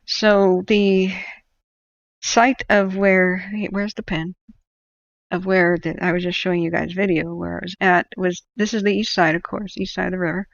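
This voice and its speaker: A woman's voice: on the low side, level tone, moderate pace, vocal fry, no room sound, lo-fi sound. A woman hosting a casual livestream, rambling and thinking aloud with lots of fillers as she talks at her computer. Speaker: livestream host.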